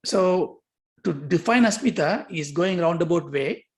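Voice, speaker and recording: A man's voice: sits high, animated, unhurried. Older guy lecturing on yoga sutras, asks questions, repeats himself a lot. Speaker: yoga philosophy teacher.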